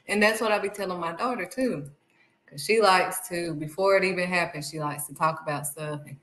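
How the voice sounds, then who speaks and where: A woman giving a casual, animated faith talk, speaking straight to her viewers. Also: fairly low pitch, fairly quick, roomy sound, poor audio. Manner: animated, acts out excited voices and exclamations; talks straight to viewers, calling them honey. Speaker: faith vlogger.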